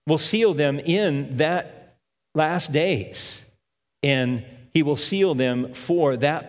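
Older male preacher, slow, in a reverberant hall. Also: medium pitch. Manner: unhurried Bible teaching, reading verses aloud. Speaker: pastor. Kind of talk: sermon.

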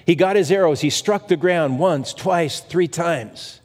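A man preaching a sermon and telling stories from scripture, acting out each figure's lines as he goes. His voice sits a little high for a man. A long hall reverb trails behind every phrase. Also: unhurried, a little mellow. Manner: storytelling preacher who acts out the scripture voices. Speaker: pastor.

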